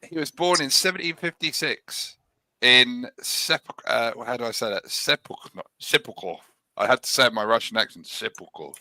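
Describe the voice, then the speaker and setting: Man, animated chatter, very bright dry voice. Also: mid-range voice, moderate pace, no echo. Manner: animated, acts out little scenes. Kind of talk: casual live-stream chat.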